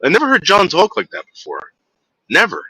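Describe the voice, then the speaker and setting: A man streaming to his viewers rambles through a long story, cursing freely and acting out the voices of the people in it. His voice is very bright and sharp. It sounds dry and close to the mic. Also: sits high, huge pitch swings, brisk, gravelly, slightly rough, dry recording, poor audio. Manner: rambling, profane, acts out voices in retelling.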